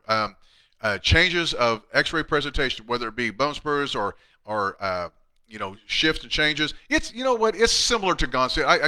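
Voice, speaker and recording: A middle-aged man hosts a casual live question-and-answer session, talking bluntly and at length. His voice is very bright and sits fairly high. He reads out viewers' questions. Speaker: chiropractor hosting a live Q&A.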